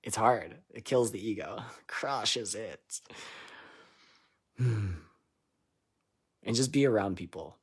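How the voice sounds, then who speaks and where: Husky, low-pitched man; live spiritual channeler, irreverent and laughing, booming lines and muttered asides. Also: lively intonation, takes it slowly, pauses often. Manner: loose and irreverent, swearing and laughing between lines; swings between loud declarations and quiet asides.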